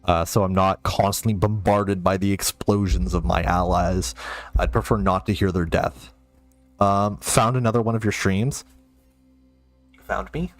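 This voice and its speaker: A man's voice: low-pitched, steady tone, measured pace, no echo, soft background music. A man streaming a game live and reading chat, flustered, self-mocking and rambling.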